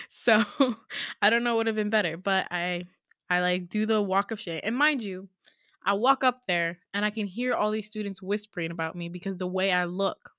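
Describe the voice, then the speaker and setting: A woman's voice: mid-range voice, no echo, clean studio sound. A young woman hosting a podcast, casually retelling a dream with lots of laughter and the odd swear word. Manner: animated, laughing, swearing freely. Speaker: podcast host. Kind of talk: casual storytelling.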